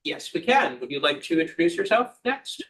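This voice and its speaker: A man with a slightly high voice chairs a committee meeting. He welcomes members and moves through the agenda in a procedural way. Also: sing-song, moderate pace, fairly bright tone, rough recording.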